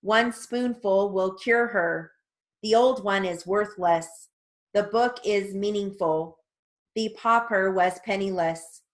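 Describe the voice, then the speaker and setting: A woman's voice: medium pitch, a bit bright. A woman reading sentences and legal terms aloud as stenography dictation practice, with casual asides between drills. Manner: slow, evenly spaced dictation.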